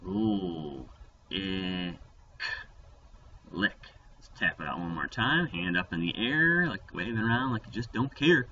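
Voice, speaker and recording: A man teaches a phonics lesson to young children, playful and upbeat, his voice lively and bright with a slightly low pitch. He sounds somewhat away from the mic, and the recording is dull and lo-fi with a faint hiss behind it. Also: a little fast, hardly any pauses, far from the mic.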